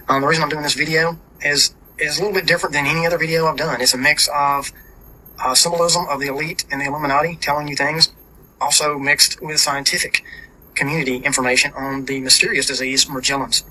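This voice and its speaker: A man's voice: fairly high pitch, flat delivery, quick pace, sharp tone, slight background noise, rough recording. A man narrating his own video in an earnest tone, with many ums and uhs. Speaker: video creator.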